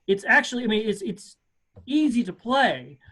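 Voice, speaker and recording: A man's voice: high-pitched, very animated, moderate pace, fairly bright tone. Guy giving a drum lesson on a video call, chill and encouraging, fixes himself mid sentence. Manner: casual, encouraging, self-correcting. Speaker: percussion teacher. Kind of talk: online music lesson. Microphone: video call mic.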